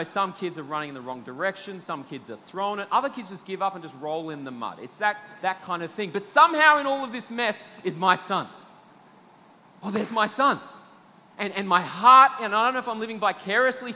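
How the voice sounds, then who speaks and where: A middle-aged Australian man preaches with a bright, high voice that rings out. He builds emphatically to loud peaks, then sinks low and slow. His sermon echoes through a hall over a faint hum of ambience. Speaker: pastor.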